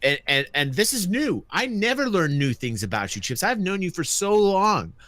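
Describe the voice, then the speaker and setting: An American man hosting a livestream chat, teasing and theatrical in an excitable way. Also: high-pitched, normal speed, no echo. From United States. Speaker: stream host.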